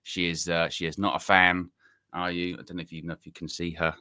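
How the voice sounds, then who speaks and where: A man's voice: low voice, little pitch movement, a little fast, bright, forceful tone, smooth, no room sound. A man hosting a casual football fan podcast from home, chatty and given to repeating his phrases as he reads out quotes. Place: home, video call setup.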